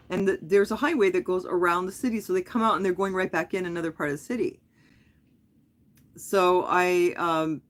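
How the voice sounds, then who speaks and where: This middle-aged livestream host has a fairly low, slightly bright voice. She rambles casually through a long story, filling it with fillers and correcting herself often.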